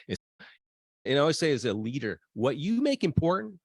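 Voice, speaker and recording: A man appearing as a guest on a business podcast, telling stories with pride and enthusiasm and quick bursts of speech. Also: on the high side, sing-song, slightly rough, no echo, clean studio sound.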